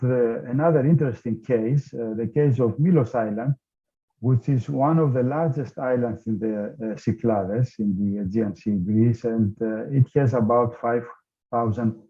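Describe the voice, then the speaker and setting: Hesitant man on a tinny line. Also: medium pitch. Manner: hesitant, many filler sounds. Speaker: workshop speaker. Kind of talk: technical presentation.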